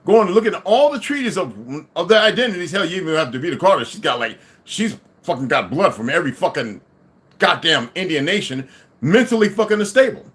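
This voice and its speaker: A middle-aged man talks straight at his audience in a long, furious monologue. He is heavy on profanity and insults. His voice sits a bit high and moves through a wide, lively pitch range. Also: brisk. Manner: angry, insulting, swearing heavily. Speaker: livestream host.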